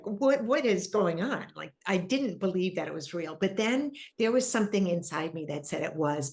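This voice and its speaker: A woman's voice: fairly low pitch, darkish tone. A woman guest in an interview, telling a personal story in an earnest, reflective way as she searches for words. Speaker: interview guest, spiritual grief coach.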